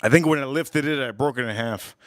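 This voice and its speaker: A livestream host with a brisk, mid-range voice, recorded dry, chats through a casual cooking and whiskey stream. He rambles, repeats lines, and laughs at his own anecdotes, shooting point of view from a home kitchen or backyard.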